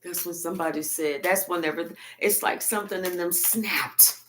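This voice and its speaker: A woman giving a spiritual reading, telling it like a profane, animated story. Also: on the low side, brisk, slight background noise. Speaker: tarot reader.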